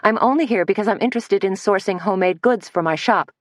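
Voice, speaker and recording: A woman's voice: medium pitch, fast, no room sound, clean studio sound, pitched above the performer's own voice, lightly acted. A woman doing a kind, firm shop owner. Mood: earnest. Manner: warm, soothing, then firm.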